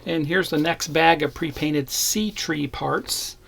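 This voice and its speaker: A man with a gravelly, creaky voice talks through a model kit review in a casual, unhurried way. He points out each part as he goes and names what is on each tree. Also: fairly high pitch, fairly bright tone, slight background noise. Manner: plain, unhurried, points out parts as he shows them. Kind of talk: casual unboxing narration.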